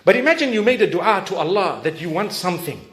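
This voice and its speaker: A man's voice: sits high, expressive, fast talker, a bit bright. A male preacher telling a story in a sermon, talking conversationally and animatedly, with frequent asides to his audience. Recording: echoey hall, faint background noise.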